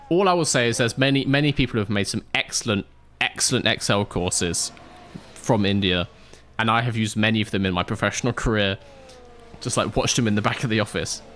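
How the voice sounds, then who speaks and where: A man's voice: fairly low pitch, normal speed, pauses often, fairly bright tone, a little hiss or hum. A man casually chatting on a live stream while playing a racing management game, joking with chat and laughing often into a desk microphone with a pop filter. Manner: jokey, laughs often, reads chat aloud.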